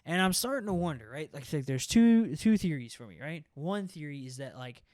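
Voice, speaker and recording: A young man on a podcast, rambling through a loose, profane chat and leaning on "like" and "right?" at every turn. His voice sits a touch higher than most men's and sounds dry and close, with no room around it. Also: animated, brisk, a little mellow, no echo. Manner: profane, rambling, filler-heavy with constant "like" and "right?". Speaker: podcast co-host.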